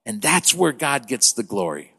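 A man in his fifties preaching a sermon as pastor, impassioned, swinging between loud and hushed delivery. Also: medium pitch, big pitch swings, moderate pace, gravelly, slightly rough. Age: 50s. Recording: long hall reverb.

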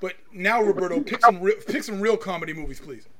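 A male podcast host with a noticeably high-pitched voice, talking in a loose, casual way. He swears constantly and drifts into long, rambling anecdotes. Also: expressive, fast, a loud crowd. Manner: profane, rambling storyteller. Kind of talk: casual chat.

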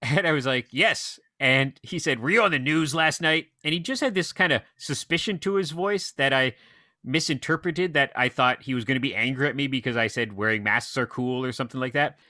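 Bright-voiced man telling stories. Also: mid-range voice, dry recording, clean studio sound. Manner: animated storyteller, quick run-on anecdotes. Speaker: movie theater operator. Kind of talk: casual podcast chat.

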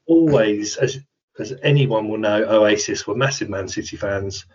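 A man's voice: lowish voice, a little slow, a little mellow, breathy edge. A man co-hosting a podcast, talking in joking, chatty banter. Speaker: podcast co-host. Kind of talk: casual chat. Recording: dull lo-fi sound.

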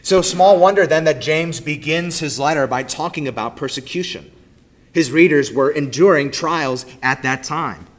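A man preaching a sermon in a church, stressing key phrases loudly, then dropping to quiet, low line endings. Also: normal speed. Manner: emphatic, swings from loud stresses to soft, low trailing endings. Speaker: pastor. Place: church sanctuary.

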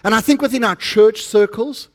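A man's voice: high-pitched, moderate pace. A middle-aged man with a South African accent preaching a sermon, chatty and joking with the congregation. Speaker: pastor.

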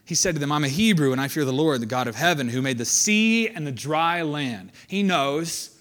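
A man's voice: on the high side, lively intonation, normal speed, fairly bright tone. A man preaching a conversational sermon, reading scripture aloud and then commenting on it in a casual way.

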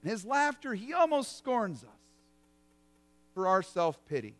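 High-voiced pastor preaching. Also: male voice, very animated, measured pace. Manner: vivid storytelling, conversational. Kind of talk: sermon.

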